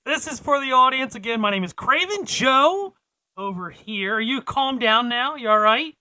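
Male podcast co-host, bright and punchy, teases each news beat; dry studio sound. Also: very high-pitched, expressive, moderate pace, no room sound, poor audio. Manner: teasing, with dramatic build-ups. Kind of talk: casual podcast news chat.

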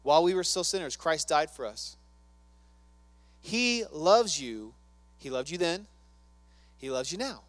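Preacher, male: earnest sermon delivery, talks with the room, voice a touch high. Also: big pitch swings, a little slow, pauses often, dry recording. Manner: earnest, conversational, asks the congregation questions. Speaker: pastor.

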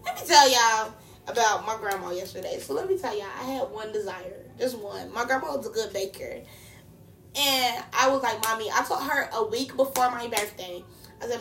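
Gravelly-voiced woman telling a lively story. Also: a little high, moderate pace, a little hiss or hum. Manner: animated storyteller, acts out quotes. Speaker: podcast co-host. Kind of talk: casual chat. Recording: echoey room, distant mic.

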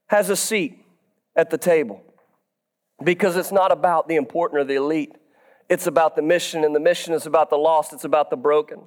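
A man preaching a sermon as pastor, swinging between soft, low stretches and loud, drawn-out shouts in a church. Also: fairly even intonation. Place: church sanctuary.

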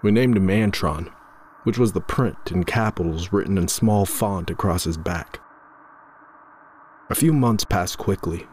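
Slow, low-voiced man narrating horror. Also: darkish tone, a little hiss or hum. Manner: measured, somber storytelling with occasional stammers. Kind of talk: first-person scripted horror narration.

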